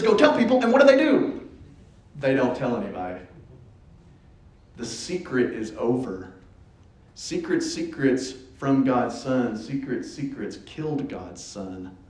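A man preaching a sermon in a church, playful and animated, dropping suddenly to a hush. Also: mid-range voice. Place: church sanctuary. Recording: echoey church hall.

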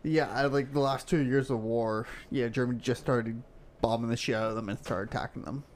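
A man's voice: mid-range voice, steady tone, a little fast. A young man chatting on a podcast, explaining things hesitantly with restarts. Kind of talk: casual chat.

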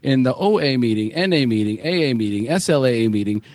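A middle-aged man hosts a podcast panel in a blunt, joking way, swearing freely as he talks. His voice sits at an average pitch. The recording is dry and close. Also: expressive, fast, a little mellow, no echo. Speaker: podcast host. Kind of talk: casual panel discussion.

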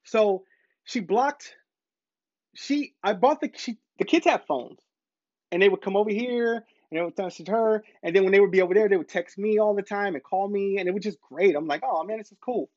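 A man's voice: high-pitched, moderate pace, a little mellow, no room sound, dull audio. A man telling a personal story to camera in a casual monologue, stressing points by repeating them. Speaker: parent vlogger.

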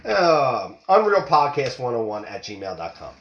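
A man's voice: medium pitch, big pitch swings, unhurried. Rambling, profane man on a lo-fi podcast. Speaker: podcast host. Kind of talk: casual solo political talk. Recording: dull lo-fi recording.

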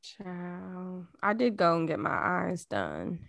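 A woman's voice: lowish voice, sing-song, takes it slowly, vocal fry, fairly bright tone, no echo, studio quality. A woman co-hosting a podcast in casual chat, blunt and exasperated, swearing freely. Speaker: podcast co-host.

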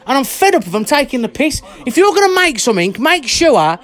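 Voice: sits high, big pitch swings, fast talker. A vlogger delivering an angry monologue rant, blunt and heated, swearing constantly and sweating. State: worked up and sweating.

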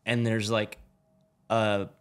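Young american guy, low voice, swears a lot and acts out the quotes, podcast story. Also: little pitch movement, slow pace, clean tone. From United States. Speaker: podcast guest, motorcycle racer. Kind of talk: casual storytelling.

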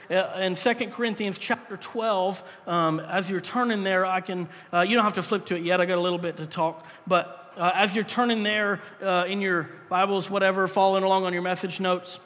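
A high-pitched man preaches with a bright, forceful tone, his voice carrying through a church hall with a long reverb tail. He talks in a conversational way and drops joking asides between points. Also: steady tone, fairly quick, few pauses. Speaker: pastor. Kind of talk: sermon.

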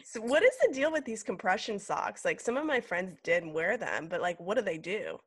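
A woman's voice: mid-range voice, big pitch swings, normal speed, slightly rough, no room sound, clean studio sound. A woman hosting a podcast, chatting candidly and casually and swearing freely. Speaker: podcast host. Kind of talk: casual chat.

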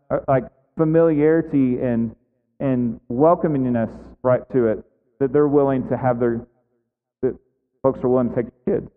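Conversational pastor preaching in an echoey hall. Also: male voice, medium pitch. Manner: conversational, many "like" and "right" fillers. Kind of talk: sermon. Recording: echoey hall, tinny phone-like sound.

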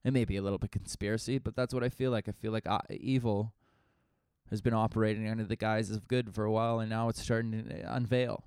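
A man's voice: fairly low pitch, fairly even intonation, fast, a little mellow, clean tone, no room sound, clean studio sound. A young man, a comedian, rambling through a profane, casual podcast monologue full of fillers.

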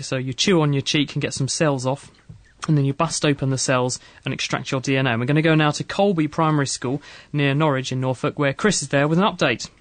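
Quick, jokey male host of a live call-in science show, dry studio sound. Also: a little high, dry recording. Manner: brisk, chatty, jokey. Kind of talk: live radio chat.

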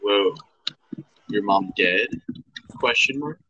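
A man's voice: fairly low pitch, slow, sharp tone, no echo, highs cut off. A young man co-hosting a podcast in casual chat, joking and swearing as he rambles with lots of fillers. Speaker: podcast co-host.

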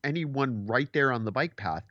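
A man's voice: medium pitch, normal speed, dry recording, muffled recording. A man in his forties, a podcast host, telling a story in casual chat and acting out the quotes. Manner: animated storyteller, acts out quotes.

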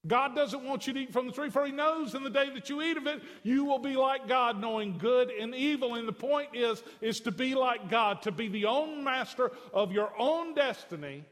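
High-voiced preacher in a reverberant hall. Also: male voice, normal speed, hardly any pauses, fairly bright tone. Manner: conversational preaching with folksy asides, rising to emphatic declarations. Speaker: pastor. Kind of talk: sermon.

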